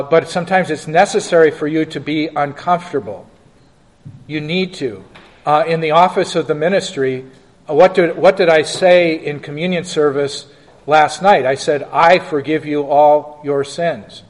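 A man's voice: on the high side, in a large hall. A male pastor answering questions in a church class, emphatic and joking.

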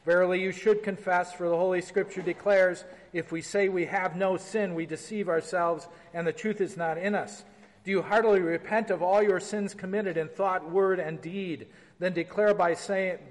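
A man's voice: sits high, steady tone, moderate pace, long reverb tail, rough recording. A man teaching a church class as pastor, explaining and reading formal liturgy aloud in a conversational way.

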